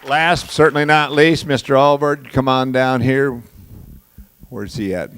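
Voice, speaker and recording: A man's voice: fairly even intonation, moderate pace, fairly bright tone, clean tone. A man emceeing a graduation ceremony, calling up graduates and rallying the crowd. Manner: booming, rallies the crowd.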